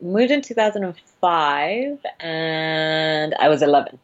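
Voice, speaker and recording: A woman's voice: low-pitched, unhurried, dull audio. A woman in her twenties with a British accent that fades in and out, chatting casually as a podcast guest and laughing often. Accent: British, fading. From Britain. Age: 20s. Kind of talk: casual chat.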